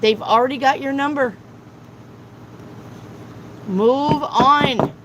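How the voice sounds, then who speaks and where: A woman's voice: high-pitched, takes it slowly, heavy background noise. Blunt, swearing woman tarot reader. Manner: blunt, profane, lecturing. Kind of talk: live-stream tarot reading.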